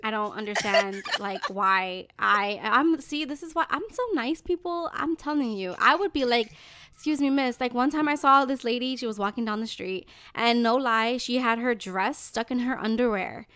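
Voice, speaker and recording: A young woman co-hosting a casual podcast, telling an animated story with frequent swearing and sudden loud bursts. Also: a little high, normal speed, clear, resonant tone. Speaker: podcast co-host.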